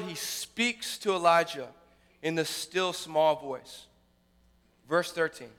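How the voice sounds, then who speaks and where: A man preaching a sermon, building his phrases up loudly and then dropping to a hushed voice. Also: sits high, in a large hall. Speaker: pastor.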